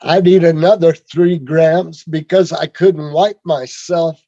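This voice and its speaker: A man telling his own story on a video call in a rambling, halting way, with many fillers and restarts. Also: a little high, fairly even intonation, dark tone, no echo. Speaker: speaker sharing his story. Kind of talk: rambling personal testimony. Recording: dull lo-fi video call audio.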